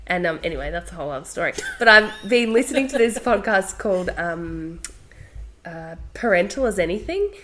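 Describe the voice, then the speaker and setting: A woman's voice: lowish voice, animated, brisk, fairly bright tone. A young woman co-hosting a podcast, chatting casually and laughing often as she talks. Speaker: podcast co-host. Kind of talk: casual chat.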